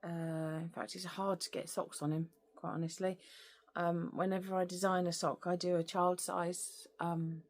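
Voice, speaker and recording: A woman chats casually as host of a crafting podcast. Her voice sits a little low, and she rambles along with plenty of ums and restarts. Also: level tone, normal speed. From lives in France. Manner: chatty, rambling with many fillers. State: out of breath. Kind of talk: casual chat.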